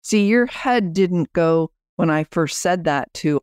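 Woman, podcast host, business coach, chatty, guiding, smooth voice, dry sound. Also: on the low side, slow, hardly any pauses, a little mellow, no room sound. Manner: chatty, guiding listeners through exercises. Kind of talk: explaining a program on a podcast.

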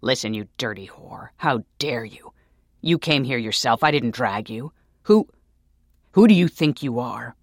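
A man's voice: mid-range voice, moderate pace, vocal fry, a bit bright, husky, no echo, clean studio sound. A man voicing a furtive, lecherous older man who hisses in a half-whisper, in a whispered role-play. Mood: angry.

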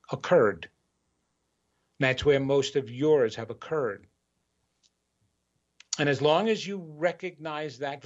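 An earnest man delivers a motivational spiritual talk as a show host, circling back to key phrases for emphasis. His mid-pitched voice comes through a dull, lo-fi recording. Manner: earnest, repetitive, building emphasis.

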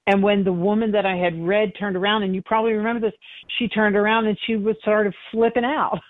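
A woman's voice: mid-range voice, fast talker, dry recording. A middle-aged woman, a psychic medium, telling stories in a conversational interview and acting out the dialogue in them. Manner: animated, acts out dialogue in her stories. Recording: dry tinny phone-like line.

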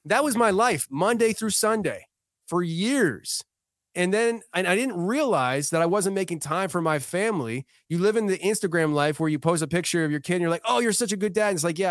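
Brisk and lively in intonation, this man in his thirties has a high-sitting, clear, smooth voice. As a guest on a casual podcast, he tells a heartfelt story with sincerity, repeatedly beginning sentences anew as he thinks. The studio recording is close and dry, with no room sound.

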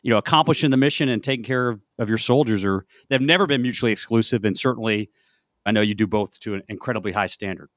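A man's voice: on the low side, fast, a bit bright, no echo. Man hosting a military interview, dry sound. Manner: conversational, affirming. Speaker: podcast host, retired colonel.

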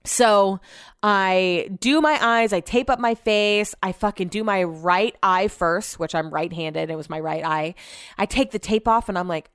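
A woman's voice: medium pitch, measured pace, smooth, no echo, studio quality. A young woman hosting a podcast, telling a story in a chatty way, swearing freely and acting out what people said. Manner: chatty, swears freely, acts out quoted voices. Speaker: podcast host. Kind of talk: casual storytelling.

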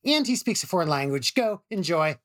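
A man's voice: a little high, big pitch swings, brisk, a bit bright, no room sound, clean studio sound. A middle-aged man, an emergency physician, telling a story casually with many restarts and laughs.

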